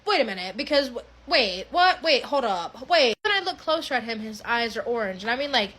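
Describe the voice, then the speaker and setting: A young adult woman telling a creepy story in a casual, animated way, swearing freely and restarting her sentences often. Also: fairly high pitch, fairly quick.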